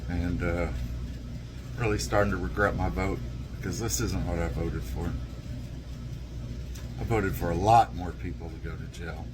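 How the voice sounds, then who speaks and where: A man's voice: sits low, fairly even intonation, normal speed, long pauses, background noise. A man talking in a frustrated, emphatic way in a confessional video.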